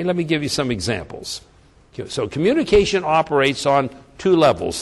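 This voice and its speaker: A man teaching a class, pausing to act out sample sentences with different emphasis. His voice sits at an ordinary pitch, and a long reverb from a hall trails behind every phrase. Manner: illustrates points by acting out example phrases. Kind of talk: classroom lecture.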